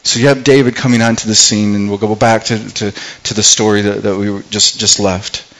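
A man preaches a sermon on a low-quality recording, retelling a scripture story and acting out in dialogue what its characters might think and say. His lowish voice is fairly bright, his delivery flat and moderately paced, and he often repeats words as he thinks aloud.

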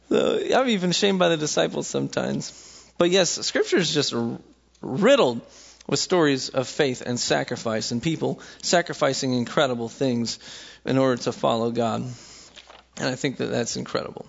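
A young man giving a conversational, sermon-style talk about faith, telling stories and acting out quotes in a lively way. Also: mid-range voice, normal speed, gravelly, dull audio. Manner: conversational storytelling, acts out quotes with voices. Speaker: speaker sharing faith reflections.

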